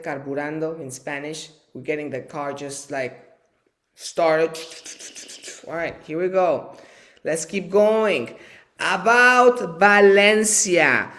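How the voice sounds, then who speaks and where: A man teaching a live bilingual Spanish lesson, running slow vocabulary drills where he calls out words for viewers to repeat, with chatty asides in between. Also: high-pitched, fairly bright tone.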